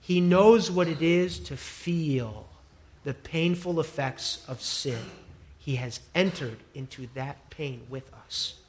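A male pastor preaching a sermon, emphatic and repetitive, dropping to a hush and rising to loud declarations. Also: on the high side, takes it slowly, a little hiss or hum. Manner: emphatic, swings from hushed to loud; repeats phrases for emphasis.

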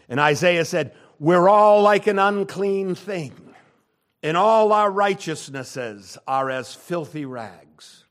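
An older man preaches a sermon in an emphatic, insistent manner. His voice sits a little higher than most men's and climbs even higher when he presses a point, then drops low and quiet for his asides. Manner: emphatic preaching, shifting between loud and quiet. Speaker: pastor.

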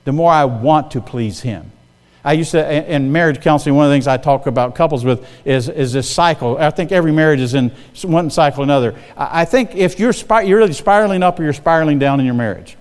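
A man's voice: on the high side, quick pace, clean tone, big-room sound. An older man preaching a sermon in a church, talking conversationally and often checking in with the congregation. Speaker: guest preacher.

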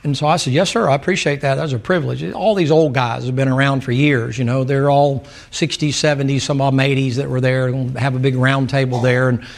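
A man's voice: mid-range voice, fairly even intonation, fairly quick, creaky, hardly any pauses. A man preaching a sermon, folksy and joking, calling out to the congregation for responses. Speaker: pastor.

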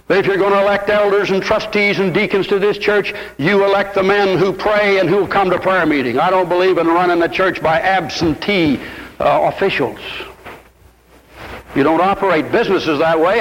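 Older preacher in a reverberant church. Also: male voice, normal speed, fairly bright tone, muffled recording. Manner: impassioned preaching, rising to high exclamations. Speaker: pastor. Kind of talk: sermon.

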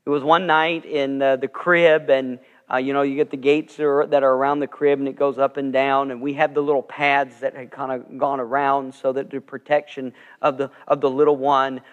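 A man's voice: mid-range voice, flat delivery, normal speed, few pauses, clear, resonant tone, lo-fi sound. A man preaching a sermon as pastor, telling stories earnestly and swelling with emphasis. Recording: long reverb of a large sanctuary.

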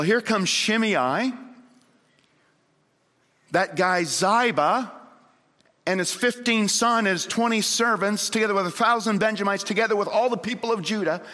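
A man preaching a sermon, telling a story dramatically and swinging from loud to hushed. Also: sits high, lively intonation, measured pace. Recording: long hall reverb.

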